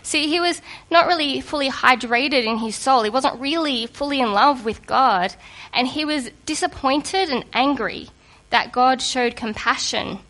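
A woman giving a sermon to a congregation in a lively, conversational and humorous way, just getting over a cold. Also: sits high, measured pace. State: recovering from a cold. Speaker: preacher.

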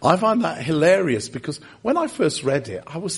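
A man preaching a sermon, telling stories and breaking off into animated asides and self-corrections. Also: a little high, normal speed, few pauses, husky. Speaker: guest preacher.

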